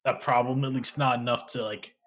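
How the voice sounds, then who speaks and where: A man playing a tabletop role-play who keeps saying 'like' and leaps up in pitch when he speaks as his character. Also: fairly quick. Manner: lively, peppered with 'like', jumps high for character lines. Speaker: player.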